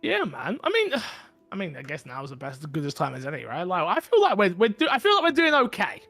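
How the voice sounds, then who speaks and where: A man hosting a casual gaming podcast, talking in a rambling, animated way with many restarts. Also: sits high, fast talker, vocal fry, soft background music. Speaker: podcast host. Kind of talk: casual group chat.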